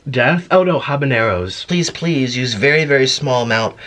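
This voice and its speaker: A man hosting a food-eating vlog, chatting excitedly with viewers as he unboxes gifts and shows his food. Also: medium pitch, normal speed. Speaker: mukbang host. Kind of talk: casual vlog chat while unboxing and eating. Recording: noticeable background noise.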